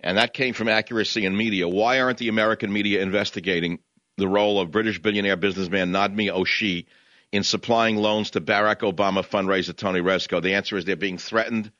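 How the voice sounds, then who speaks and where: A man's voice: lowish voice, steady tone, quick pace, sharp tone, dry recording, muffled recording. A man hosting talk radio, ranting angrily and hurling insults at his targets. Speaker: radio talk show host. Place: radio studio.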